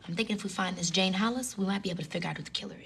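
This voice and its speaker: An actress playing a calm, matter-of-fact young woman investigator in a TV series. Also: medium pitch, rapid-fire, gravelly, a little hiss or hum. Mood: determined.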